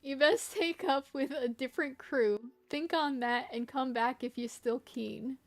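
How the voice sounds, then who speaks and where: A woman reading aloud the lines of a gruff male rogue guild recruiter from a video game, in a rough, slangy tone. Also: sits high, measured pace.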